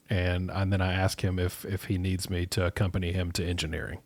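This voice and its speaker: A man's voice: deep voice, flat delivery, fairly quick, hardly any pauses. Hesitant man playing a tabletop game. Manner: hesitant, thinking aloud. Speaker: player. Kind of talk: casual tabletop role-play.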